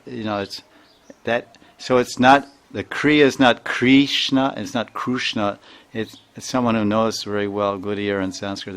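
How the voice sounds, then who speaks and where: Older man, low voice, informal spiritual talk, frequent chuckles, halting repetitions. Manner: chuckles often, repeats and sounds out words. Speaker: spiritual teacher.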